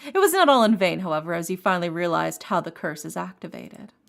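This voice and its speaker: Woman playing a mysterious formal guide, measured, slight rasp. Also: lowish voice, big pitch swings, a bit bright, heavily acted.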